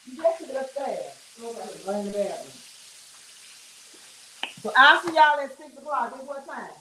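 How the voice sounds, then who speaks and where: Woman livestream host, high voice, folksy chatter, echoey kitchen with fish sizzling behind. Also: lively intonation, normal speed, sharp tone, slight background noise. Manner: chatty, folksy, calls viewers honey and child. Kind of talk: casual livestream chat while cooking. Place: home kitchen. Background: fish frying and sizzling.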